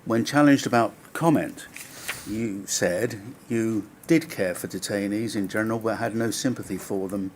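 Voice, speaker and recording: A man, counsel at a public inquiry, cross-examining a witness in a measured, probing way. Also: fairly low pitch, darkish tone, a little hiss or hum. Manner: measured, probing, pressing follow-up questions. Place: public inquiry hearing room.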